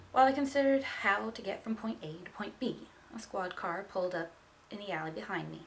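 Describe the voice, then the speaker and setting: Woman with a gravelly reading voice. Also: medium pitch, a little hiss or hum. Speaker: audiobook reader. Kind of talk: storybook reading.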